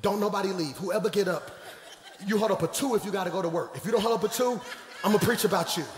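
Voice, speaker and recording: High, bright-voiced preacher in an echoing hall. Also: male voice, quick pace, noisy background. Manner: emphatic, swings from low asides to shouted preaching; playful, jokes with the congregation. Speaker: pastor. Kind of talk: live sermon to a congregation. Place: large church sanctuary. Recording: echoey hall with long reverb.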